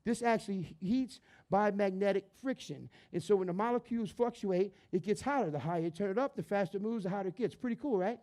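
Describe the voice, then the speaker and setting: A man's voice: high voice, quick pace, few pauses, a little mellow. A man hosting a cooking demonstration, upbeat and chatty, calling his audience "guys" and "baby". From New Orleans area, Louisiana. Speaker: chef hosting a cooking show.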